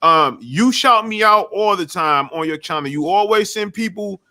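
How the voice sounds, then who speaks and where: A high-pitched man with a bright, forceful voice, chatting casually as a guest. He talks emphatically and keeps circling back with profane restarts. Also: expressive, moderate pace. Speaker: guest YouTube creator. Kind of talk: casual chat.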